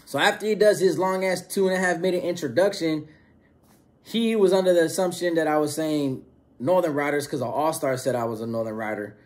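A man's voice: on the high side, brisk, darkish tone. A man casually telling a story, using street slang and acting out quoted dialogue. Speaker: storyteller recounting prison experience.

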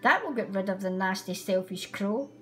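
A woman voicing a gruff, grumpy male woodcutter who yells brusquely. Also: medium pitch, normal speed, faint music behind, pitched below the performer's own voice, close to an everyday voice. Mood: annoyed. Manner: yelling, brusque.

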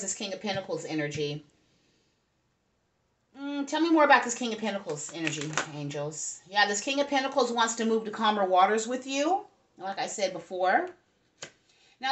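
A tarot reader with a fairly bright, high-leaning voice does a casual reading for her viewers. She's talkative, addressing the spirits as well as her audience, and keeps asking "okay?"

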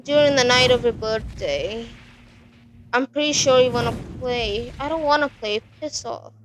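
High-pitched, swearing horror gamer woman. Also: moderate pace, background noise. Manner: swears a lot, jumpy and rambling. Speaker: gaming channel host. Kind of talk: horror game commentary.

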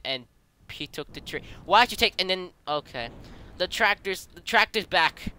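A gameplay commentator, giggly and excitable, breaking into high yelps. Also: moderate pace, clear, resonant tone.

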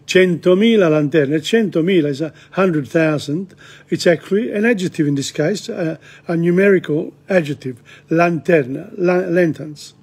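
A middle-aged man teaches a language lesson by going through song lyrics line by line. He talks in a slow, halting way, repeating himself as he explains, and his voice is slightly high and husky. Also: darkish tone.

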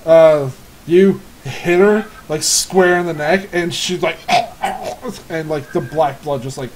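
A man running a tabletop game as game master, laughing often and filling pauses with "like" and "uh". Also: fairly high pitch, noisy background. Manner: laughs often, many fillers.

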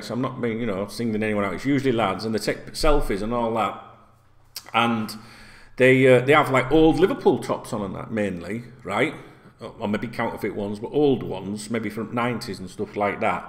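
A man's voice: lowish voice, fairly bright tone. A man talking casually and directly to his viewers as a football vlogger, swearing freely and dropping lots of "right?" and "you know" into his sentences.

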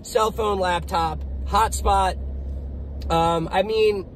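High-voiced, blunt, swearing tradesman. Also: steady tone, slow, a little hiss or hum, rough recording. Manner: blunt, profane, boastful and upbeat. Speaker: generator technician and small business owner. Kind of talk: casual motivational vlog.

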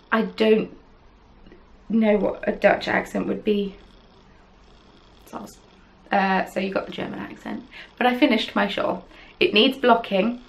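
Chatty woman with a gravelly edge. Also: mid-range voice, rough recording. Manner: chatty, rambling, self-deprecating. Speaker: podcast host. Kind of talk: casual chat. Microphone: camera.

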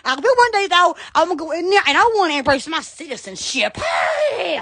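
A woman's voice: extremely high pitch, big pitch swings, fairly quick, fairly bright tone. A woman hosting a casual live stream from her phone at home, gushing, laughing often and exclaiming over and over. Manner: repeated exclamations. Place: indoors at home.

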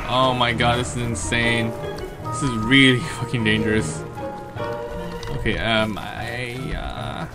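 Excitable man yelling over game music. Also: medium pitch. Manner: excitable, yelps and swears at enemies; chatty, thinks aloud about plans. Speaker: gaming commentator. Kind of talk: let's play commentary.

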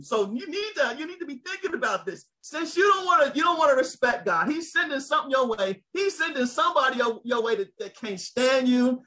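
A man preaching a sermon, lively and conversational, calling out to his listeners. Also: extremely high pitch, rough recording. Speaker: pastor.

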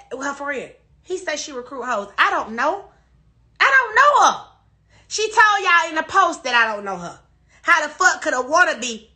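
A woman's voice: sits high, pushed and bright. A woman crying while she rants defensively and profanely on a phone livestream, repeating herself. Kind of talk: emotional live-stream rant.

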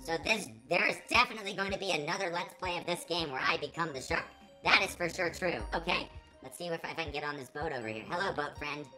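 Bright-voiced woman yelling through a game. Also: low voice, fast talker, poor audio. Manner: dramatic, panicky yelling and pleading. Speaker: gaming channel host. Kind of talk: let's play commentary. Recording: voice over game music.

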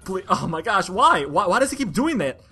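A woman giving casual commentary over a platformer, talking to herself in frustration and bursting into loud complaints. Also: medium pitch, big pitch swings, a little fast. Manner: exasperated, frustrated self-talk that bursts into loud outbursts. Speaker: let's play gamer.

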